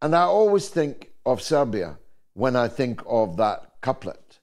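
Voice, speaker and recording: An older man hosting a call-in talk show, speaking in a deliberate, rhetorical manner. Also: mid-range voice, very animated, darkish tone. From Scotland.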